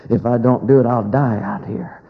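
A male preacher tells a folksy story with a gravelly, husky voice. He swings from shouting to near whispers as he works the story. The recording sounds dull and lo-fi. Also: mid-range voice, fairly even intonation, moderate pace. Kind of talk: sermon storytelling.

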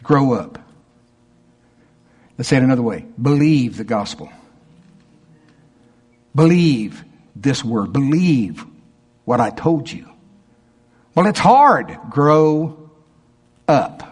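A man preaching a sermon as a pastor, acting out objections from his listeners in a higher voice. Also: slow, pauses often, husky. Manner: animated preaching, voicing objections in a higher pitch.

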